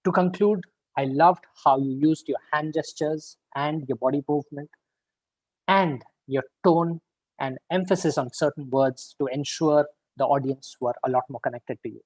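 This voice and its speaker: A man with a fairly high voice gives a speech evaluation at an online club meeting. He sounds upbeat and encouraging, leans on key words and pauses for effect. The sound is dry and close. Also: fairly even intonation, a little mellow, no echo, rough recording.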